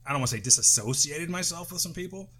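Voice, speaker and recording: A man's voice: fairly high pitch, lively intonation, quick pace, sharp tone, breathy edge. A middle-aged man co-hosting a podcast in casual chat, still getting over the flu, talking loosely with swearing and restarts. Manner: loose, profane, rambling with restarts. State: recovering from flu, tired. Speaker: podcast co-host.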